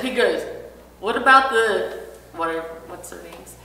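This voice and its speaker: A woman with a bright, fairly high voice tells a personal story to her church class, acting out each line of dialogue. She sounds distant from the microphone, and the room around her rings with long reverb. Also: expressive, moderate pace.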